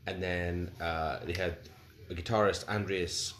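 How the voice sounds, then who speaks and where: A man's voice: low-pitched, fairly even intonation, a little slow, a bit bright. A man in his forties co-hosting a casual music podcast, rambling and hesitant with lots of fillers and restarts. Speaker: podcast co-host. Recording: roomy recording with faint background hiss.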